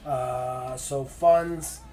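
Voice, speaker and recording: A man narrating a solo wrestling tabletop game on stream with excited play-by-play and lots of fillers. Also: mid-range voice, extremely slow.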